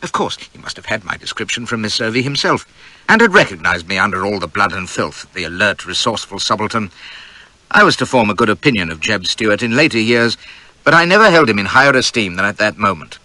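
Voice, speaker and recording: A man's voice: on the low side, sing-song, fast, bright, forceful tone, no echo. A man reading a novel aloud in first person, with wry, vivid, swaggering storytelling. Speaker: audiobook narrator.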